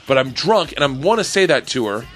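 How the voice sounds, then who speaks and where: A young man telling a long story as a podcast guest, rambling and animated with bursts of loud laughter. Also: medium pitch, fairly quick, faint music behind. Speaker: comedian guest.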